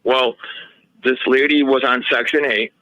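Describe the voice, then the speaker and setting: A man's voice: mid-range voice, steady tone, unhurried, no room sound, muffled recording. A man talking as a radio show guest, telling a long story in a rambling way and often quoting what others told him. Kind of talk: casual interview storytelling.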